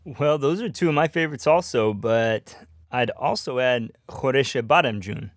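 A man's voice: medium pitch, expressive, normal speed, no room sound. Man co-host, repeats words back, casual, dry close sound. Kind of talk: language lesson repetition.

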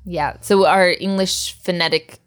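A woman's voice: lowish voice, steady tone, unhurried, smooth. A woman teaching vocabulary to a learner, patient and encouraging, often laughing. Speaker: language teacher.

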